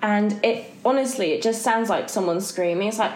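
A woman's voice: mid-range voice, normal speed. Woman, young, podcast host, chatty storyteller, laughs a lot, echoey room. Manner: animated storyteller, laughs often. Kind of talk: casual storytelling chat. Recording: echoey room with faint noise.

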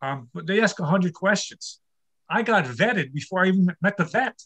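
A man's voice: sits high, lively intonation, normal speed, fairly bright tone, slightly rough. An older man performing a stand-up comedy set, telling wry, self-deprecating jokes about his marriage.

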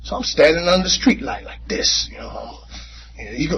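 A man speaking at a recovery meeting, telling his personal story in an animated, conversational way with casual slang and frequent repeats. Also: fairly high pitch, brisk, slight background noise, rough recording. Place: meeting room.

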